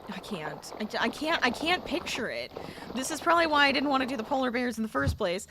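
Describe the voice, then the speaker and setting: A woman's voice: sits high, animated, brisk, sharp tone, slight background noise. A young adult woman streaming a game, chatting casually with her viewers and getting exasperated as she plays. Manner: chatty, talks to chat, gets exasperated. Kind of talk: casual gameplay livestream chat.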